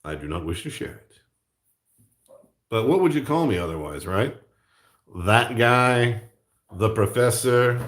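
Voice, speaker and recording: A man hosting his own channel, chatting casually and jokingly while he draws. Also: fairly low pitch. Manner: rambling, jokey, self-mocking. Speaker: channel host. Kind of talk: casual chat while drawing.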